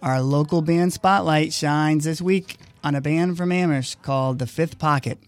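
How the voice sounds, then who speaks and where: A man's voice: a little high, normal speed, dry recording. A man hosting a podcast, reading a friendly, upbeat scripted introduction. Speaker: podcast host.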